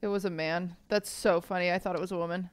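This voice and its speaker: A young woman co-hosting a podcast, telling stories in casual chat and acting out the people in them. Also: quick pace. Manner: animated storyteller, acts out quotes in high voices. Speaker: podcast co-host.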